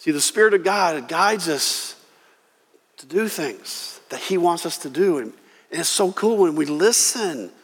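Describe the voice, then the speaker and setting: A man preaching a sermon as pastor, telling stories with lively acted-out quotes. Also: fairly high pitch, unhurried. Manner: animated storytelling, acting out quoted voices. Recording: long hall reverb.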